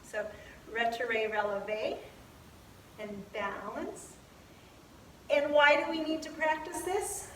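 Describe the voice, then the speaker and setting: Slow, high-voiced woman teaching ballet. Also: lively intonation, a bit bright, a little hiss or hum. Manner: slow, repeats terms, demonstrates as she talks. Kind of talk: ballet lesson. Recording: echoey room from a distance.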